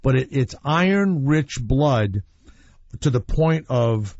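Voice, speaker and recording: On a muffled radio broadcast, a man hosting a show chats casually, rambling as he tells stories. His medium-pitched voice is animated, slow and slightly mellow, and the recording is dry.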